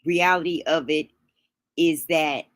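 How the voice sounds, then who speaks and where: Speaking straight to her livestream audience, a grief-stricken host talks in a low, slightly husky register, her words stopping and starting while she holds back tears with sniffles. Her tone stays steady, and the sound is close and dry with no echo or room.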